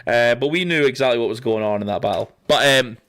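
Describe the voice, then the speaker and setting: A man's voice: medium pitch, quick pace, a bit bright. A man hosting a casual livestream, rambling and swearing often, laughing as he talks. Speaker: livestream host.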